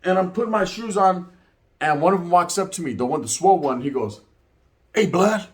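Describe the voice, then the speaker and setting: Man in his 40s, a bit high voice, swears a lot, tells it like a homie, keeps saying right. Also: expressive, brisk, darkish tone. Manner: profane, streetwise, keeps tagging "right?". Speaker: reaction video host. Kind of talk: casual storytelling and commentary.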